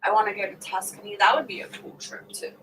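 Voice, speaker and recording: Speaking fast in a mid-range, fairly bright voice, a middle-aged woman runs a relaxed livestream. She laughs and talks with her viewers and acts out things others have said. Faint noise sits behind her, and she's a little far from the microphone.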